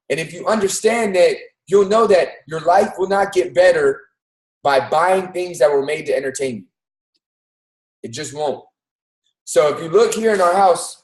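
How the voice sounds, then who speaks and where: A man with a fairly high voice delivers a motivational talk as a show co-host, preaching and pressing his listeners to think things over. He talks over a video call, and the room around him rings with echo. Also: darkish tone. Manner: preachy, repeats "think about it". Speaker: physical therapist.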